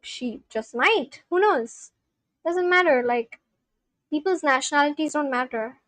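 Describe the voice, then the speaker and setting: High-voiced young woman streamer. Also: animated, a little slow, fairly bright tone, dry recording. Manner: talks back to chat, scolding and reassuring; loose filler-heavy speech. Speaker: livestreamer. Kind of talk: casual live-stream chat with viewers.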